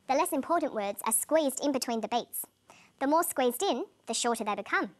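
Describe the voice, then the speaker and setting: A woman presenting an English language lesson, with clear, measured and carefully enunciated scripted delivery. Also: high-pitched, lively intonation.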